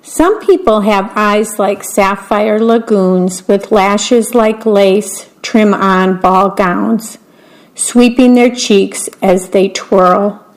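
A woman reading picture books aloud in a gentle manner, describing the pictures as she goes. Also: mid-range voice, drawn-out words, rough recording. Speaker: read-aloud storyteller.

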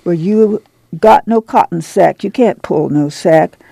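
A man voicing a determined middle-aged farm mother, talking firmly and briskly. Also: sits high, creaky, mellow, husky, dry recording, clean studio sound, full character voice. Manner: firm, brisk, commanding.

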